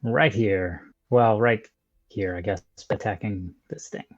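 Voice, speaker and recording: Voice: deep voice, slow pace, no echo, muffled recording. A player in a tabletop game, talking in a laid-back way. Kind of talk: casual tabletop play.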